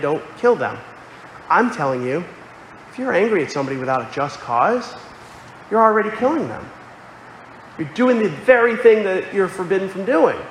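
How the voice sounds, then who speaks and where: Guy giving an earnest sermon, kinda high voice, big echoey hall with faint room hum. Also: a bit bright. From Connecticut. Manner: earnest, explanatory, quotes scripture aloud. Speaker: preacher.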